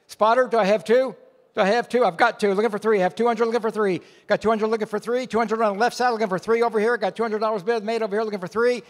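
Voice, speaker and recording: A man running a live charity auction, calling bids in quick repetitive runs. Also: high voice, fairly even intonation, big-room sound. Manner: rapid repetitive bid calling. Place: large event hall.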